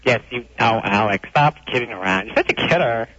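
A man's voice: medium pitch, lively intonation, brisk, sharp tone. A man calling into a radio show as a goofy prank caller, mumbling and chuckling. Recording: muffled lo-fi radio recording.

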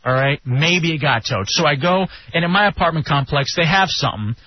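A man co-hosting a radio show, telling a story in a casual, animated way and jumping up in pitch when he gets indignant. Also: fairly quick, slight background noise. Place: radio studio. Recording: dull lo-fi radio broadcast.

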